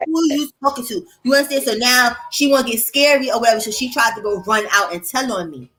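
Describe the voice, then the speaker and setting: A woman's voice: fairly high pitch, quick pace. A woman hosting a casual mukbang chat, telling stories animatedly and acting out what people said. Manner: animated storytelling, acts out quotes. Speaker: host.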